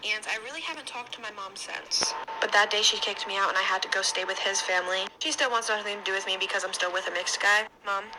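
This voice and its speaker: A woman's voice: medium pitch, background noise. A young adult woman telling a personal story in a casual, chatty monologue, often saying "like". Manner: rapid chatty retelling with frequent "like".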